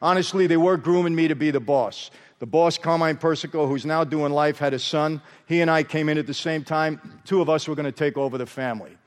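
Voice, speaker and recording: A man's voice: a little high, brisk, hardly any pauses. Emphatic man preaching in a reverberant hall. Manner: emphatic, repeatedly addresses the audience as "people". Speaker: guest speaker. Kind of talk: testimony sermon.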